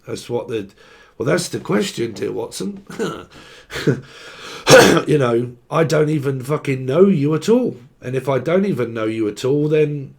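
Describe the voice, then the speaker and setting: Creaky-voiced man, rambling and sweary. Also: mid-range voice, expressive, unhurried, a little mellow. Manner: rambling, swears freely, laughs at own jokes. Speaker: tarot reader. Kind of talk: casual unscripted tarot reading.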